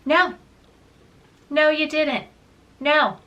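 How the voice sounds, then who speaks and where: A woman book vlogger telling a story in a casual, animated way, laughing often. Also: sits high, takes it slowly, dull audio. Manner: chatty, animated, laughs often, many fillers.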